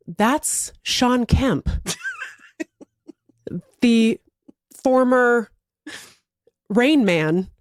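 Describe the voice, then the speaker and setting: A woman in her thirties, a podcast co-host, telling a story in casual chat, animated and laughing as she acts out quotes. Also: on the high side, very slow, pauses often.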